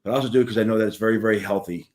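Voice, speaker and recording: A man speaking as a guest in an interview, telling a personal story in a reflective way and dropping to a soft, quiet voice at times. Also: fairly low pitch, fairly even intonation, rapid-fire. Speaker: guest, business founder.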